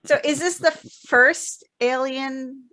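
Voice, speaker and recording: A woman co-hosting a casual podcast chat, thinking out loud with restarts. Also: high voice, fairly even intonation, slow. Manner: thinks aloud, restarts, hedging. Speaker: podcast co-host.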